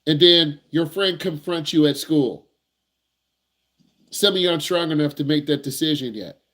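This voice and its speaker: A man's voice: fairly high pitch, normal speed, a bit bright. A man working as a driving instructor, giving blunt, repetitive, slangy advice to young drivers in a casual teaching talk.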